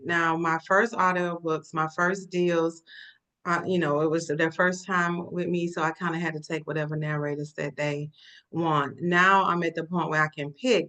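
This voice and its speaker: A woman author chatting on a video call in a casual book club discussion, animated and expressive, sometimes slipping into playful voices. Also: on the low side. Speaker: author guest.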